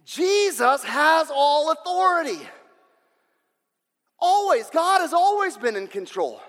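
A pastor preaching a sermon, emphatic and repetitive, swinging between loud passages and hushed ones. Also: male voice, very high voice, sing-song, slow, in a large hall.

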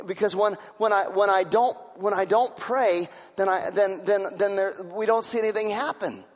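High-voiced man preaching in a reverberant hall. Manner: repetitive, emphatic preaching, building to shouts. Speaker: pastor. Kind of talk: sermon.

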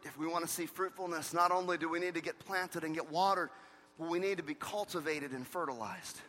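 Bright-voiced pastor preaching in a reverberant hall. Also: male voice, on the high side, fairly even intonation, fairly quick. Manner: emphatic preaching with repeated phrases. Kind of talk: sermon. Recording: long reverb of a large hall.

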